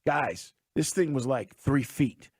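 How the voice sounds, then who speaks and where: A man co-hosting a sports talk radio show, telling stories in an animated way, on a studio microphone. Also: mid-range voice, takes it slowly, breathy edge, no room sound. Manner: animated storyteller who acts out sounds.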